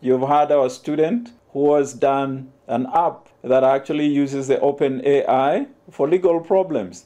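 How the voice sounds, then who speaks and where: A man, speaking as a university official in an earnest, promotional, measured way during an interview. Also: on the high side, warm tone. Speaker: university innovation centre official. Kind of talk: on-camera interview remarks.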